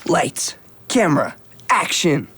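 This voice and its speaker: A woman's voice: sits low, sing-song, slow, a bit bright, a little hiss or hum, heavily acted. A woman voicing an earnest teenage boy. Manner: earnest, supportive. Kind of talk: children's radio drama acting.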